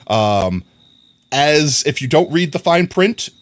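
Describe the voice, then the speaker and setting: A young man casually commentating a live stream, chatty and quick to laugh as he talks to his chat. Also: fairly high pitch, sing-song.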